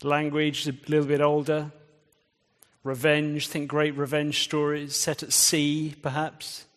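A man's voice: a little high, monotone, measured pace, a bit bright. A man preaching a sermon in a conversational way, quizzing the audience. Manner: conversational, engages the audience with quiz questions. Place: church. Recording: reverberant church hall.

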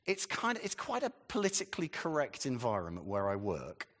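A man's voice: medium pitch, wildly swooping pitch, brisk, a bit bright. A man preaching a sermon in a conversational, rambling way, full of asides and questions to the congregation. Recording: long reverb of a hall.

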